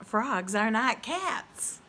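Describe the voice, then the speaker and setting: A woman voicing a snooty cat who slowly and firmly scolds a frog in a storybook. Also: a little high, very animated, pushed and bright, a little hiss or hum, heavily acted. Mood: scolding. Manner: slow, emphatic and scolding.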